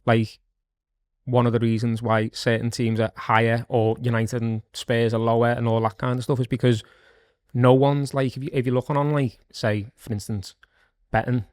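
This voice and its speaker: A man co-hosting a podcast, chatting about football in a measured, matter-of-fact way. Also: medium pitch, little pitch movement, a little mellow, dry recording, clean studio sound. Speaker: podcast co-host. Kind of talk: casual football chat.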